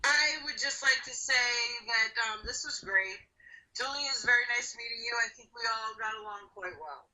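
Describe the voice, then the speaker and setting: A woman's voice: fairly high pitch, moderate pace, bright, forceful tone. A woman on a casual group video chat, teasing and laughing. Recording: distant from the mic.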